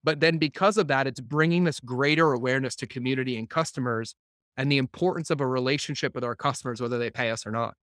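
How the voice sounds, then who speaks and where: A man hosting a podcast, talking casually to a group of entrepreneurs on a video call, animated and blunt, acting out quotes as he goes and swearing now and then. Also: medium pitch, fast talker, dry recording, clean studio sound. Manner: animated storytelling with acted-out quotes. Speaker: podcast host speaking to entrepreneurs.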